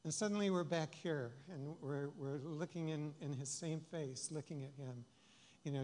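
A man with a fairly high voice gives a reflective sermon in a church. He speaks haltingly, with many pauses and fillers. His words ring out with a long hall reverb. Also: a little mellow. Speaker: preacher. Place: church sanctuary.

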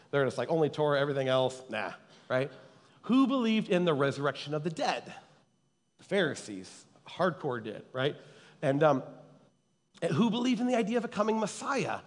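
A man gives a casual, conversational sermon, teasing his listeners and checking in with them constantly. His voice sits a little high and swings widely in pitch. The sound trails off into the long reverb of a large hall. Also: big pitch swings, normal speed. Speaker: preacher.

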